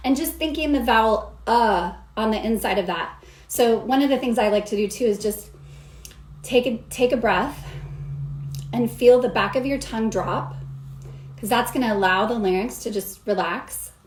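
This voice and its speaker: A woman's voice: on the high side, normal speed, noisy background. Upbeat woman vocal coach, echoey room. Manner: upbeat, explains while demonstrating sounds. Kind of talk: singing lesson explanation.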